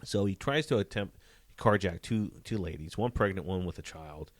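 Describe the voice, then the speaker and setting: A man, a police detective, telling a story in a casual interview, animated and full of "you know" fillers. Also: low voice, normal speed, no echo.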